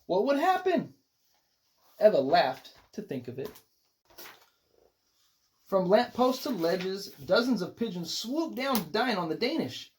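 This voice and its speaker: A reader narrates a children's picture book aloud. The delivery rises and falls a great deal, keeping the story lively and expressive. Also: medium pitch, unhurried, pauses often.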